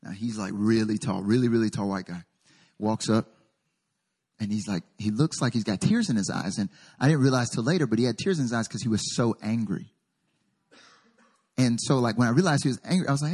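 A male pastor preaches a sermon with animation, trading call-and-response with the congregation and slipping in story-telling asides. His voice is mid-range and husky, and he moves at a brisk clip.

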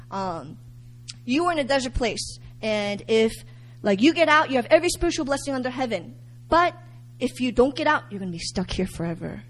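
Young woman telling her faith story, open and lively, laughs a lot, voice on the high side. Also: rough recording. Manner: candid and animated, laughs often while telling. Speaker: speaker sharing a personal testimony. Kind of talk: personal faith testimony.

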